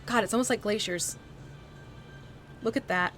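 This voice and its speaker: A woman hosting a casual painting livestream, thinking aloud as she works and answering her chat with bursts of excitement. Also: medium pitch, normal speed, faint music behind. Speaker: livestream host painting a miniature. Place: home art desk near an air conditioner.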